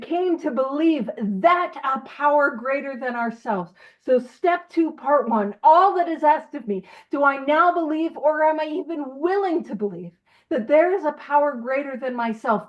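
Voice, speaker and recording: A woman leading a recovery study over a video call, animated and self-teasing, asking question after question. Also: high-pitched, lo-fi sound.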